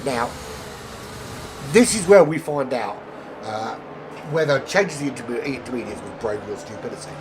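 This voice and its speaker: A man with a cold and a nasal voice, commentating an online sim racing league, rambling into asides and getting excited during close battles. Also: mid-range voice, normal speed, pauses often. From not American. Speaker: race commentator. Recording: game music and engine noise behind. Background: racing game audio and music.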